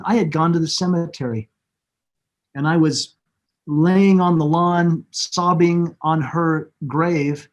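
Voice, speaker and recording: A man as an interview guest, telling a personal story in an earnest, halting way and repeating words when moved, speaking over a video call. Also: a little high, a little mellow.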